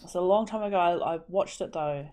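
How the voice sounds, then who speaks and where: A woman's voice: lowish voice, fairly quick, dark tone. A woman hosting a reaction video, blurting emotional, blunt comments with plenty of swearing. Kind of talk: casual TV show reaction.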